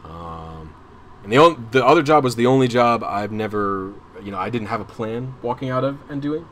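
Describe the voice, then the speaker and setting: A man's voice: medium pitch, expressive, normal speed, a bit bright, a little hiss or hum. A young man streaming a game, telling a long personal story in a casual, rambling way with many restarts and some swearing. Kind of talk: casual storytelling while gaming.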